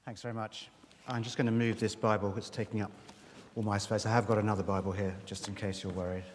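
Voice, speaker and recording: A man's voice: fairly low pitch, flat delivery, fast talker, slight background noise. A man preaching as a visiting minister, chatty and self-deprecating, with asides to the congregation. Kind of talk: sermon. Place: church in London. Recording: reverberant church hall.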